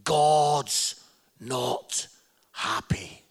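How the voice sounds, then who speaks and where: A man putting on the voice of a scary older preacher, making slow, grave, accusing pronouncements. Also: mid-range voice, slightly rough, voice pushed down. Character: stern scary older male hellfire preacher.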